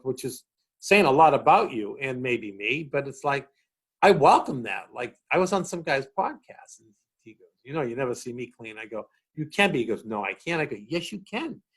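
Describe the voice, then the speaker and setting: A middle-aged man with a Boston accent, a comedian chatting as a guest and telling stage stories with lively, acted-out quotes. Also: medium pitch, brisk, breathy edge. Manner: animated storyteller acting out quotes. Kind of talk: casual chat, storytelling.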